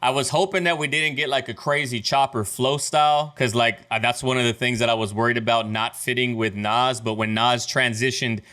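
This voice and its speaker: A young man reacting to music in casual, excitable commentary, pulling apart rhymes and wordplay with frequent laughs. His voice is bright and forceful, sitting at an ordinary pitch for a man. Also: a little fast, few pauses.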